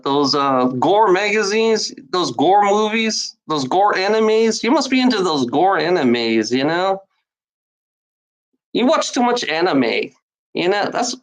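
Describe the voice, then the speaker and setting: A woman's voice: medium pitch, poor audio. A woman streamer ranting at online trolls in a casual, profane, rambling way, full of sarcasm and repeats. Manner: mocking laughs. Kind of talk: casual rant to a live audience.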